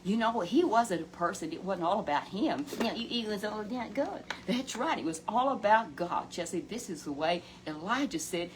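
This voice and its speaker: A woman telling a Bible story in a folksy, animated way, often exclaiming and addressing a companion by name. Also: medium pitch, normal speed, hardly any pauses, a little hiss or hum.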